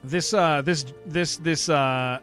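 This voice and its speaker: A man's voice: on the high side, slow pace, fairly bright tone, soft background music. A man streaming a game, chatting casually with viewers in a rambling, joking way and laughing often. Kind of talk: casual livestream chat while playing.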